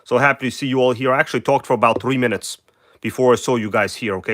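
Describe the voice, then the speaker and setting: A man's voice: medium pitch, fast talker, a bit bright. A man with a New York accent talks casually on a live stream, greeting viewers one by one with an emphatic, chatty manner. His voice sits in a middle range, and the sound is dry with no room echo. He records through a phone at an indoor workbench.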